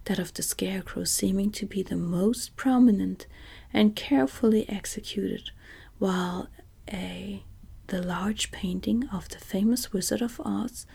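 A woman reading a children's fantasy story aloud in a whispered role-play, soft and even. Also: mid-range voice, creaky, husky.

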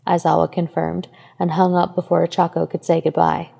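A woman narrating a fan fiction story in a steady, even reading voice. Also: on the low side, moderate pace, gravelly, husky, long reverb tail. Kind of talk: scripted narration.

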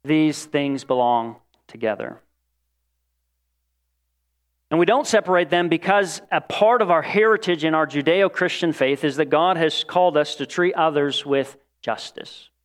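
A man preaching a sermon, shifting between loud, emphatic lines and quiet, drawn-out ones as he acts out quoted voices. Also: a little high. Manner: expressive preaching, dramatic quoted voices, swings loud and soft. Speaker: pastor.

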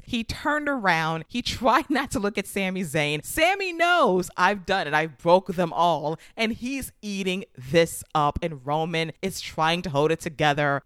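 Excitable woman podcast host, dry sound. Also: lowish voice, dry recording. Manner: excitable, profane, gushing. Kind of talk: wrestling recap podcast.

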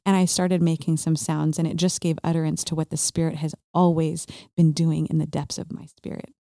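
A woman in her forties tells a personal story at a rapid clip, her voice low and warm. She gets animated, slipping into little acted-out asides of what she thought at the time. The sound is close and dry, with no room around it. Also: creaky, no room sound. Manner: animated, acts out her own past thoughts in quick asides. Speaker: guest sharing a faith testimony. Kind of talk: casual conversational storytelling.

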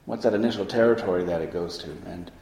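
A man teaching as a meditation teacher, giving a dharma talk in a slow, reflective way, pausing often with soft fillers. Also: low voice. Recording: roomy hall with long reverb.

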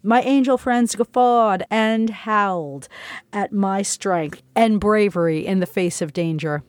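A woman narrating her own memoir as an audiobook, slow, reflective and heartfelt. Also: medium pitch, no room sound.

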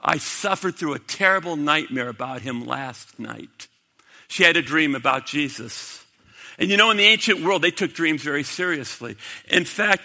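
A man preaching a sermon to a congregation, dramatic, swinging from loud to hushed. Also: high-pitched. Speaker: pastor. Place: church sanctuary. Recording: long hall reverb.

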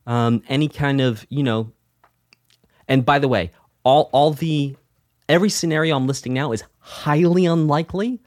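Guy giving music tips, mid-pitched voice, punchy and repetitive, chatty. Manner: energetic, repetitive, storytelling with acted quotes. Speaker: music coach. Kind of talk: casual advice talk.

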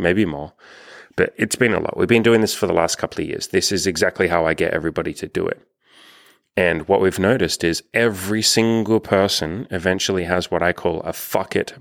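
A man's voice: low-pitched, vocal fry, no room sound, studio quality. A young man coaching on dating, talking in a rambling, self-deprecating way and swearing freely. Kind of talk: casual coaching monologue.

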